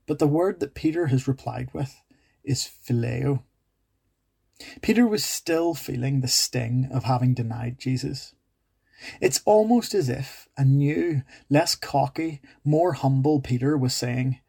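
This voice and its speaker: A man's voice: a little high, unhurried, vocal fry, darkish tone, husky. A man preaching a sermon in an earnest way, acting out quoted dialogue with rising intensity.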